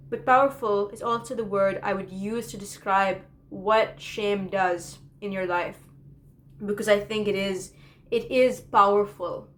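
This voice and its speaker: A woman's voice: mid-range voice, a bit bright. A woman in her early twenties, a college student, speaking in an earnest, reflective confessional vlog with self-deprecating humor.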